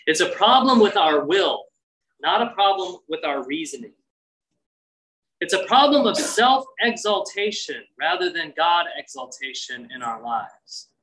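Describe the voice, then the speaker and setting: A man preaching a sermon as pastor, earnest and conversational, often dropping to a hushed voice. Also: high voice, distant mic, poor audio.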